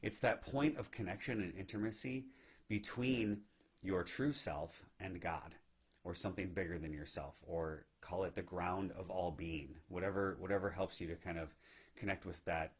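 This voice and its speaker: A man giving a gentle, reflective spiritual teaching talk on meditation, often checking in with "right?". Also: low voice, steady tone, moderate pace, slightly rough. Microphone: live video stream.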